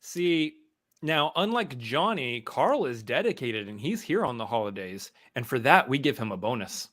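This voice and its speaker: A man's voice: mid-range voice, very animated, normal speed, fairly bright tone. A man co-hosting a casual live stream, teasing and playful in his banter. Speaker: co-host.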